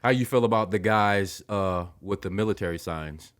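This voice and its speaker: Excitable man telling stories. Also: on the low side, moderate pace. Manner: animated storyteller, excitable, swears a lot. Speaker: podcast co-host. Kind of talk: casual chat.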